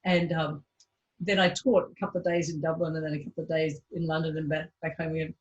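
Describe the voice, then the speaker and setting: A woman's voice: low-pitched, level tone, fast, dull audio. A woman with an Australian accent, hosting a casual interview in a friendly, chatty way. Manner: friendly, chatty, laughs easily. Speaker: host, interviewer.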